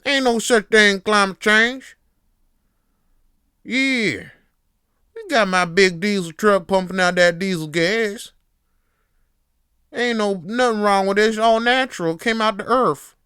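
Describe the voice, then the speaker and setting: A man voicing a buffoonish Southern hillbilly man in a put-on Southern US accent, with a shouty, high-pitched drawl. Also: a little slow, long pauses, clean tone, no room sound, studio quality. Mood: mocking, boastful.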